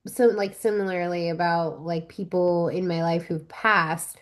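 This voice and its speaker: A woman's voice: fairly low pitch, fairly even intonation, a little slow. A woman co-hosting a podcast in casual chat, earnest and full of fillers. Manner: earnest, lots of likes and fillers. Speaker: podcast co-host.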